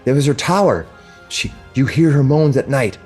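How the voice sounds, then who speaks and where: A man's voice: mid-range voice, animated, moderate pace, a little mellow, husky, faint music behind, pitched above the performer's own voice. A man voicing a nervous male villager who stammers urgently. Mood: fearful.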